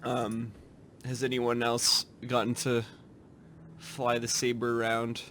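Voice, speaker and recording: A man's voice: mid-range voice, monotone, slow, fairly bright tone, a little hiss or hum. A man co-hosting a casual gaming podcast, joking and tossing questions to the others. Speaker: podcast co-host.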